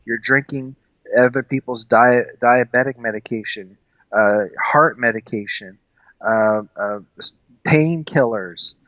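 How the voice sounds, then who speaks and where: A man's voice: medium pitch, a little slow, fairly bright tone, no room sound, highs cut off. A man co-hosting a casual film discussion, talking earnestly with many fillers and restarts. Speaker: podcast co-host.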